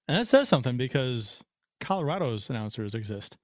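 A man hosting a casual hockey podcast, breaking down plays in a halting way with many fillers. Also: mid-range voice, sing-song, no echo, studio quality. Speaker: podcast host.

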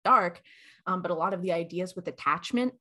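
A woman co-hosting a podcast in casual chat, animated and acting out quoted lines. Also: on the low side, fairly quick.

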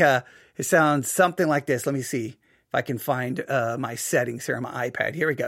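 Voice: medium pitch, fairly bright tone, no room sound, clean studio sound. A Christian devotional host giving an informal, earnest talk that tells stories with many restarts, recorded at a home live-broadcast setup.

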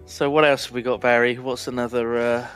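A man's voice: medium pitch, flat delivery, a little fast, fairly bright tone, clean tone, faint music behind. A young man chatting casually on a podcast, rambling and self-mocking. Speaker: podcast co-host. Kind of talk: casual chat.

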